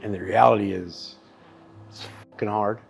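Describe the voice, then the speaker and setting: A man's voice: on the low side, fairly even intonation, moderate pace, gravelly, soft background music. A man, a barbecue pitmaster and chef, telling his story in a casual interview with emphatic, profane talk. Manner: emphatic and profane, calls the listener dude and bro.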